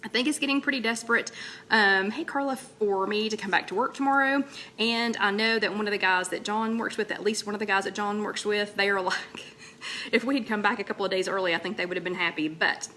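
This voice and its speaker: A chatty woman with a lilt hosts a casual live stream, talking into a laptop mic. Her voice is bright and ringing, and she wanders from story to story and breaks off mid-sentence to greet viewers by name. A faint hiss of room noise sits under her voice. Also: medium pitch, fairly even intonation, a little fast. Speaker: host of a weight-loss chat livestream.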